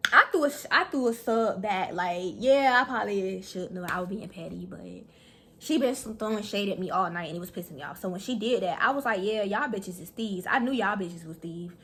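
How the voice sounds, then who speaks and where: Bright, husky-voiced young woman storyteller. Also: mid-range voice. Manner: blunt, profane, animated storytelling to viewers. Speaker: vlogger. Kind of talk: storytime vlog.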